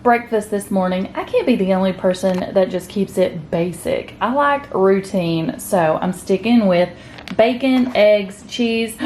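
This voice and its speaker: A woman's voice: medium pitch, darkish tone, slight background noise. A woman, chatting casually to camera about her day and food, upbeat and addressing viewers directly. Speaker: keto vlogger. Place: at home, partly outdoors.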